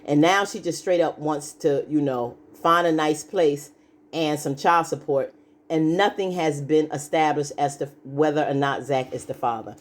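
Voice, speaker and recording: A woman with a low-sitting voice and moderate pace hosts a casual, chatty recap of a TV episode. She fills it with "you know" and acts out the characters' lines as she retells the story.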